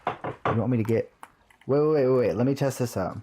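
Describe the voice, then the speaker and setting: A man's voice: medium pitch, moderate pace, mellow, a little hiss or hum. A young man chatting casually on a live stream, swearing now and then as he sets up his audio.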